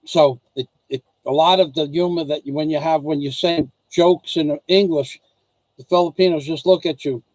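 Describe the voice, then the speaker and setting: A man from the United States with a fairly high voice hosts a loose, chatty vlog. He circles back and restarts his sentences, slipping into little acted-out exchanges. The sound is dry and close. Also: fairly even intonation, normal speed, a little mellow, no echo, rough recording. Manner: repetitive, restarts sentences, acts out dialogue. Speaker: vlog host. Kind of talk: casual rambling rant to viewers and wife.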